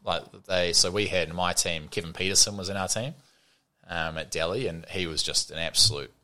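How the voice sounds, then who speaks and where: A man's voice: sits low, a little fast, pushed and bright. A man in his thirties with a New Zealand accent, a cricketer chatting as an interview guest, rambling with lots of fillers. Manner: rambling, heavy on fillers like "you know" and "sort of", mimics people in anecdotes. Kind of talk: casual interview chat.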